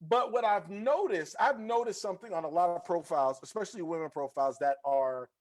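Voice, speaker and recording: A man's voice: high voice, a little fast, a little mellow. A man hosting a casual podcast chat, slangy and talkative, often repeating his words as he tells a story. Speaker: podcast host.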